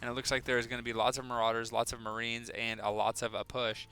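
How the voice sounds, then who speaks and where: A man's voice: mid-range voice, monotone, fast talker, bright, forceful tone, clean tone, faint music behind. A man casting a strategy video game in a casual, chatty way, with joking, self-deprecating asides. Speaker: game caster. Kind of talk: casual esports commentary.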